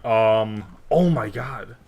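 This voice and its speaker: A man's voice: fairly low pitch, very slow, husky, highs cut off. A man co-hosting a comedy podcast, chatting casually, laughing often and reading reviews aloud with mock seriousness. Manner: laughing, joking, reads reviews aloud mockingly. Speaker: podcast co-host.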